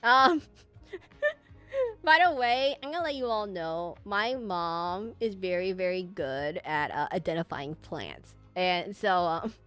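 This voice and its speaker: A woman's voice: fairly low pitch, animated, slow, fairly bright tone. A young woman streaming a game, rambling and laughing as she tells stories to her chat. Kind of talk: casual gameplay stream chat. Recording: game music behind.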